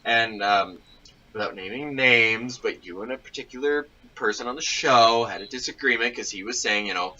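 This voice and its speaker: A man's voice: mid-range voice, moderate pace, pushed and bright. A man co-hosting a podcast in casual chat, hesitant with many fillers. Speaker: podcast co-host. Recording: dull, distant remote audio.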